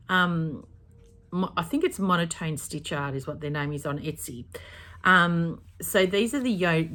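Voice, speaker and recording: Low-voiced chatty woman vlogging crafts. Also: fairly bright tone. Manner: chatty, rambling, corrects herself often. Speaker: cross-stitch vlogger. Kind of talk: casual chat. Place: home craft room.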